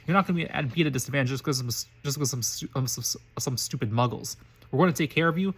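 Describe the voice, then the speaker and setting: An earnest, protective eleven-year-old schoolgirl from a fan story, read by a man in his everyday voice. The reading runs fast, with repeated restarts. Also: medium pitch, a bit bright, husky. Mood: reassuring. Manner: quick reading with frequent slips and restarts. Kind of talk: reading fan fiction aloud.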